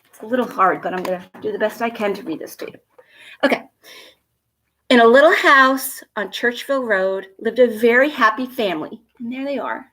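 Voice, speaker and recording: A woman from a school reading a picture book aloud to children at home, gentle and expressive, a little nervous, chatting to the kids between pages. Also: on the high side, fairly quick. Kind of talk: storybook read-aloud for children.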